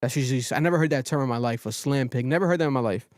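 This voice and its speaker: A man hosting a podcast, recapping a reality show in animated casual chat and swearing freely. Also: medium pitch, racing. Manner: animated storytelling, swears freely, quotes people in raised voices. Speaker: podcast host.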